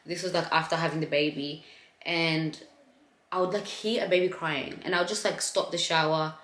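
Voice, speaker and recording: A woman's voice: sits low, steady tone, moderate pace, a bit bright. A young woman vlogging about her postpartum experience in a candid, chatty way, talking straight to her viewers. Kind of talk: casual chat to camera. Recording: echoey room.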